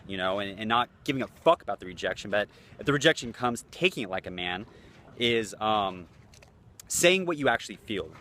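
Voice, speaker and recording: A man's voice: lowish voice, a bit bright. A man talking as a dating coach in a loose, blunt, casual way, swearing freely. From United States. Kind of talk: casual talking-head vlog.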